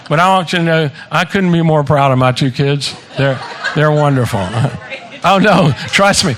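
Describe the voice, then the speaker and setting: A man's voice: on the high side, normal speed, background noise. A man in his seventies giving a casual, joking birthday speech at a party into a handheld microphone, swearing freely and laughing at his own stories. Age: 70s. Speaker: birthday speaker. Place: party venue with guests.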